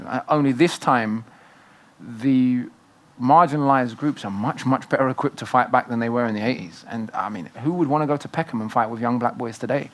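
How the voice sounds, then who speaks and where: Man, author guest at a festival, quick, forceful, argumentative delivery. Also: medium pitch. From Britain. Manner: fast, emphatic, argumentative storytelling. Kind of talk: festival conversation.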